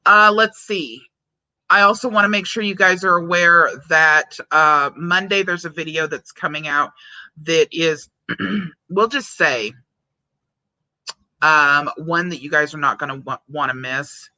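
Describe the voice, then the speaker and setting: A woman's voice: low voice, measured pace, bright, forceful tone, no echo. A woman hosting a casual livestream, reading out viewer chat, chatty and prone to laughing often. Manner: giggly, breaks into frequent laughter.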